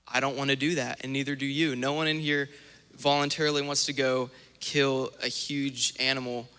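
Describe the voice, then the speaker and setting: Young male minister, sermon, bright ringing voice, animated storyteller, long church reverb. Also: mid-range voice, normal speed, clean tone. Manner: animated storytelling with acted-out asides. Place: church sanctuary.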